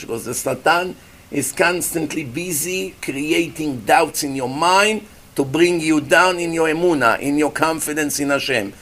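Male rabbi, lively preacher, slightly higher voice, turns to the room with questions. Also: a little slow. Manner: animated preacher, acts out voices, asks the audience questions. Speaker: rabbi giving a Torah class. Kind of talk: sermon.

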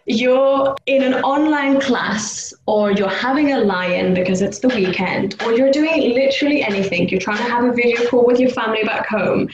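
A young woman from the UK co-hosting a casual podcast chat, animated and loud when she imitates street sounds. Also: fairly high pitch, normal speed, hardly any pauses, muffled recording, a crowd in the background. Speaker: podcast co-host. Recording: echoey room, faint background noise.

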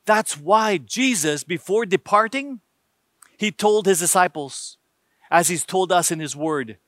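A man's voice: sits high, lively intonation, unhurried, fairly bright tone, dry recording, studio quality. A man preaching a sermon emphatically, using rhetorical questions and numbered points.

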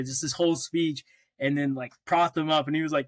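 A man's voice: medium pitch, fairly even intonation, normal speed, no echo. A young man from Oklahoma co-hosting a podcast, telling stories in casual chat and swearing freely. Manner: storytelling, swears freely, restarts often. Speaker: podcast co-host.

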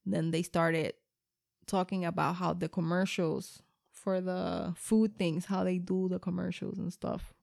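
Woman telling stories, gravelly. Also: on the low side, a little slow, dry recording, studio quality. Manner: swears freely, mixes in Spanish words, animated storytelling. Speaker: podcast co-host. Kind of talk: casual storytelling chat.

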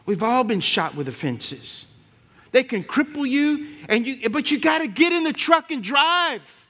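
A middle-aged pastor preaching with rising fervor. His voice sits high and ringing, bright and forceful. He repeats phrases, drives toward shouted peaks, and calls out to the congregation. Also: big pitch swings, normal speed. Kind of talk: sermon.

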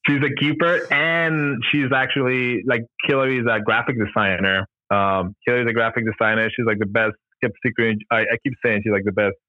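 A man's voice: mid-range voice, fairly even intonation, brisk, hardly any pauses, no echo, narrow, tinny audio. A man telling his story as a podcast guest in a loose, rambling way, full of "like" and "you know", often laughing at himself. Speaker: podcast guest, gear company founder. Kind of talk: casual storytelling in an interview.

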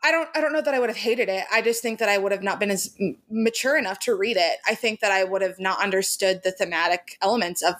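A woman's voice: medium pitch, fast talker, few pauses, a bit bright. A young woman co-hosting a podcast, chatting casually and gushing emphatically about a favorite book series, laughing often. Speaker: podcast co-host.

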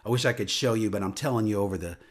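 A man giving a personal testimony into a microphone, telling a story earnestly and dropping soft and low at emotional moments. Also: rapid-fire. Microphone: studio microphone.

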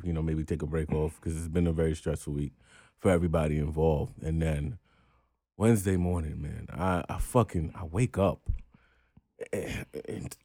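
New podcast dude, low voice, dry close mic, blunt and cussing a lot. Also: male voice, mellow, no echo. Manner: blunt, profane venting, voice rising when angry. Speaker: podcast co-host. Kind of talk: casual podcast chat.

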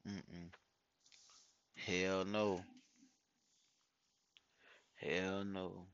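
A man's voice: low voice, little pitch movement, extremely slow, fairly bright tone, clean tone, lo-fi sound. A middle-aged father rambles through casual stories for his followers, cussing freely and dropping "man" into almost every sentence. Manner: loose, rambling, profane, with many "man"s. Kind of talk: casual storytelling monologue.

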